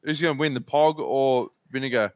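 A man's voice: mid-range voice, brisk, no room sound. An Australian man on a podcast, telling stories in casual chat and swearing freely. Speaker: podcast co-host.

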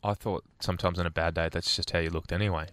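A man co-hosting a breakfast radio show, cheeky and ribbing, with energetic song links. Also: low voice, quick pace, no echo. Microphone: studio microphone.

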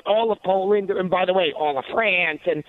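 An indignant man with a high voice gives sarcastic talk radio commentary. He keeps restarting and adding asides. The sound is thin and phone-like, with no room around it. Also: moderate pace, dry recording.

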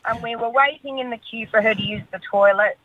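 A woman's voice: on the high side, brisk, no echo. A woman calling in to a radio show, telling a story in a matter-of-fact way. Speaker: caller. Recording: tinny phone line.

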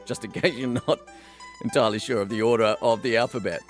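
A man's voice: medium pitch, steady tone, fast talker, faint music behind. A man with an Australian accent hosting talkback radio, chatty and laughing easily with callers. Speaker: radio host.

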